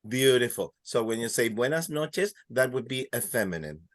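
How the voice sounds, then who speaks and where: A man's voice: mid-range voice, lively intonation, moderate pace, no room sound, clean studio sound. A man teaching a beginner Spanish class, counting students in and praising their answers. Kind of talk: classroom language lesson.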